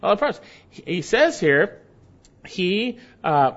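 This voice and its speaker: A man preaching an expository sermon, stressing key phrases and repeating them, slowing for emphasis and hurrying through asides. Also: sits high, sing-song, a bit bright. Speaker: pastor. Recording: dull lo-fi sermon recording.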